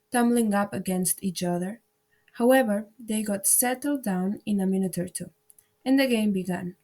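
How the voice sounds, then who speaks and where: A woman reading a children's classic aloud as an audiobook narrator, in a measured storytelling manner. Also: medium pitch, warm tone.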